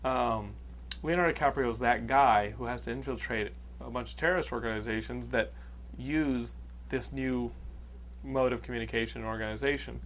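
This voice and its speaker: A man's voice: mid-range voice, moderate pace, fairly bright tone, slight background noise. A man from Texas hosting a podcast, chatting loosely about a movie with many fillers and a profane streak. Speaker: podcast host. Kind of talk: casual chat, movie review.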